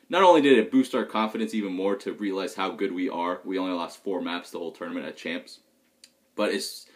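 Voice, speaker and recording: Low-voiced young man rambling casually. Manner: loose, rambling, frank and opinionated. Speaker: pro gamer vlogging about tournaments. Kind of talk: casual vlog chat.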